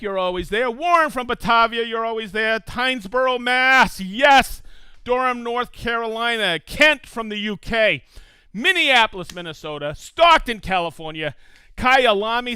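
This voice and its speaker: A man hosting a live tool demonstration stream in casual chat, excitable and whooping. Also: high voice, smooth, no echo. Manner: excitable, reads out viewer shout-outs with whoops.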